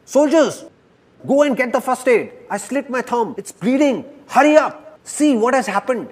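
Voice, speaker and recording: A man voicing a hot-tempered emperor who shouts orders in panic and later pleads. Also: expressive, fast, slightly rough. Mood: panicky shouting. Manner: shrill, pleading, dramatic.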